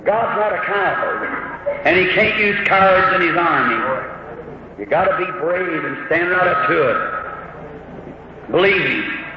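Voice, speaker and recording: Man, preacher, fervent storytelling sermon, high voice, booming hall echo. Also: unhurried, long pauses. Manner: fervent, emotional storytelling, voice climbing high when excited. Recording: old muffled hall recording with heavy hiss.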